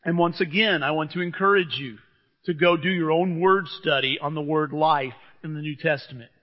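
Speaking at a normal speed in a slightly high voice, a middle-aged man delivers a sermon like an eager, chatty storyteller. He is in a church hall, and the audio sounds muffled and carries long reverb.

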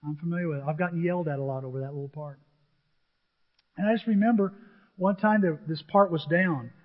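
A man's voice: a little high, a little fast. A man preaching a sermon as pastor, telling stories from his working life and acting out quotes. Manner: conversational storytelling with acted quotes. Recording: dull sound with long hall reverb.

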